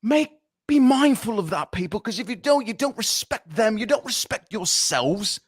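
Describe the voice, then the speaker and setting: A man's voice: high voice, lively intonation, moderate pace, breathy edge, voice pushed up. A man putting on a British accent to play a brash figure lecturing people about being on time. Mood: scolding. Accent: put-on British. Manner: loud, scolding.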